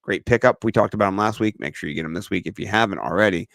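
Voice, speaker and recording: A middle-aged man co-hosting a fantasy football show, telling stories in a lively way and acting out other people's voices. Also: lowish voice, racing, vocal fry, no room sound, studio quality. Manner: animated storyteller who acts out other people's voices. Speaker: fantasy football podcast co-host. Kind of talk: casual chat.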